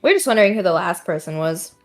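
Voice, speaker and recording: Animated playful woman. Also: lowish voice, quick pace, soft background music. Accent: Southern US. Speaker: co-player. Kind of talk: casual gaming chat.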